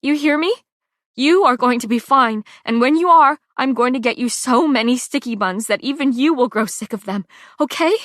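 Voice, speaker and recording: A woman's voice: high-pitched, normal speed, a bit bright, no room sound, clean studio sound, pitched above the performer's own voice. A woman playing a frantic grieving young woman. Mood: pleading. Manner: crying out, voice shaking.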